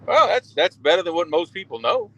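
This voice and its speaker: Man, South Louisiana accent, casual call-in chat, slightly high pitch, stumbles and restarts. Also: huge pitch swings, a little fast, sharp tone, lo-fi sound. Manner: easygoing, chuckles often, repeats words as he starts. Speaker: fishing livestream guest. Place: loud pickup truck.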